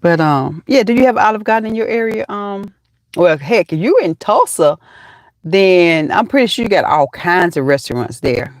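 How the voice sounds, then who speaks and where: A woman's voice: fairly low pitch, animated, moderate pace, dry recording. A middle-aged woman with a Southern accent, hosting a casual live chat from her parked car, folksy and chatty, calling viewers honey and child. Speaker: livestream host.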